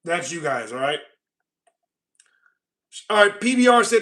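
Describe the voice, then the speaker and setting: A man's voice: a little high, big pitch swings, moderate pace, a bit bright. A young man hosting a casual livestream, ranting at and mocking his chat. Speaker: livestream host.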